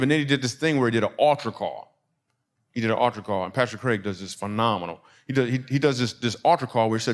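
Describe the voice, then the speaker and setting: A man's voice: medium pitch, expressive, brisk. Storytelling stand-up comedian man. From Michigan. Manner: storytelling with acted-out quotes and audience laughs.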